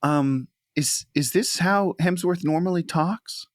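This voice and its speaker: A man's voice: fairly high pitch, slow pace, no room sound, studio quality. A man co-hosting a casual movie-review podcast, joking and sarcastic as he picks a film apart. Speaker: podcast co-host.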